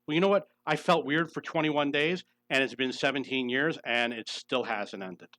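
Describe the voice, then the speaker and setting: An earnest middle-aged man speaks in a personal monologue, pressing each point and circling back to repeat it. His voice sits at an ordinary middle pitch. The recording is dry and close, with little room sound. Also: moderate pace, sharp tone, no echo. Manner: earnest, insistent, repeats himself for emphasis. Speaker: channel host telling his own story.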